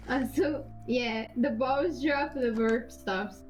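Slow-talking teasing woman. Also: on the high side, low-quality recording. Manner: blunt, teasing, laughs often. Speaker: voice chat participant. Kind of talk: casual gaming chat.

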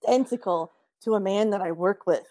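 A woman's voice: mid-range voice, a little fast, warm tone, no echo, studio quality. A woman with a neutral American accent, chatting in a rambling, giggly way. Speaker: voice actor. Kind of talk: casual podcast chat.

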